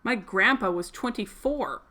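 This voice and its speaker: A woman's voice: mid-range voice, a little slow, bright, forceful tone. A young woman from Canada chatting casually and rambling while she sews on a livestream, laughing often. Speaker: crafting livestream host. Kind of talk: casual chat while sewing.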